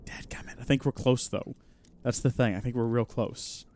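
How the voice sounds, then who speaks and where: A man hosting a live game stream, chatting, joking and reacting out loud as he plays. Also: mid-range voice, fairly even intonation, moderate pace, a little hiss or hum. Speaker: host.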